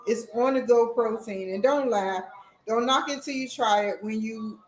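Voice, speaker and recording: Talking straight to camera indoors at home, this college-age vlogger rambles in a casual way to her audience. She has a fairly high voice at a normal speed, captured on poor, echoey audio.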